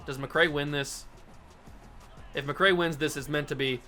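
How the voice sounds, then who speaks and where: A man's voice: fairly high pitch, fairly even intonation, a little slow, pushed and bright, faint music behind. A young man hosting a football video game playthrough, commenting casually and mocking himself as he swings between groans and yelps. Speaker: gaming YouTuber host.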